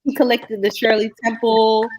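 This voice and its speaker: Woman cohost chatting, emotional storyteller, steady mid voice, hiss n clicks on the audio. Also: fairly high pitch, moderate pace, rough recording. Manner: emotional, storytelling, speeds up when moved. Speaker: co-host. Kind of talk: casual podcast chat.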